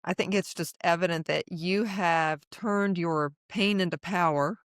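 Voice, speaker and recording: Low-voiced woman co-host, smooth. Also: measured pace, dry recording, clean studio sound. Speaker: podcast co-host. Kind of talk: interview chat.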